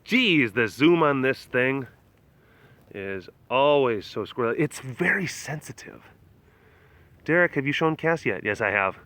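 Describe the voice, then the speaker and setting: An animal care keeper streams live outdoors from an animal facility, chatting casually and reading comments aloud. His expressive voice moves at a measured pace, sounding pushed and bright with no room sound. He rambles with many restarts and coos high at the cats.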